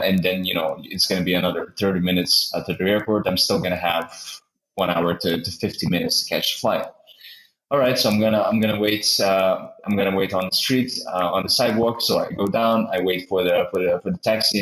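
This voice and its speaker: A man's voice: sits low, a bit bright, echoey room, rough recording. A man on a podcast telling a personal travel story in casual conversation, rambling with frequent restarts and repeated words. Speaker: podcast host.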